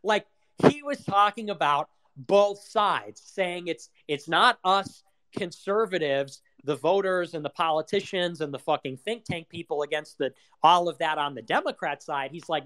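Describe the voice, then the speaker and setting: Fairly high-voiced man ranting casually. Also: moderate pace, few pauses, fairly bright tone. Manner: rambling, full of rhetorical questions and swearing. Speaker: host of an audio chat room. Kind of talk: casual political monologue.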